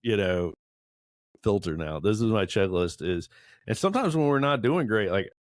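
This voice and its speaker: Deep-voiced earnest man in a group talk. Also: animated, moderate pace, no room sound, clean studio sound. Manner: earnest, self-deprecating, laughs while telling stories. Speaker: podcast panelist. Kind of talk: candid group discussion.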